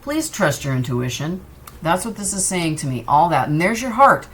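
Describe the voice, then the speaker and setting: A tarot reader gives a casual reading, chatting reassuringly straight to the viewer while wandering loosely and jumping between cards. Her voice is low and sing-song at a normal speed, fairly bright, with a breathy edge.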